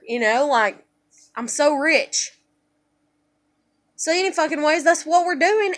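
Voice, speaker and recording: A woman's voice: sits high, a bit bright. A young woman venting in a personal vlog, profane and exasperated as she rants. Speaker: vlogger.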